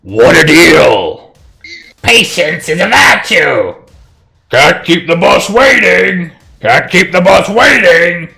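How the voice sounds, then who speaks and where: Guy doing a screechy frantic critter yelling in 3 voices, way up high, gravelly, music in back. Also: big pitch swings, takes it slowly, exaggerated voice. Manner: shouted, frantic. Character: shrieking creature babbling in three voices.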